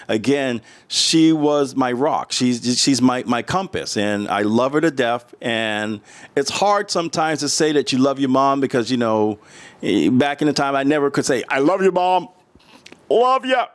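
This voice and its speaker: A man's voice: mid-range voice, normal speed. A middle-aged man from the United States, a guest in a casual interview, talking earnestly and emotionally with many restarts.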